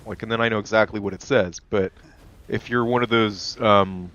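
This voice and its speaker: A man's voice: lowish voice, fairly even intonation, moderate pace, fairly bright tone. A man who is a lawyer, chatting casually as a guest, telling rambling stories, swearing freely and laughing often. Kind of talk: casual chat. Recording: dull lo-fi dry voice line.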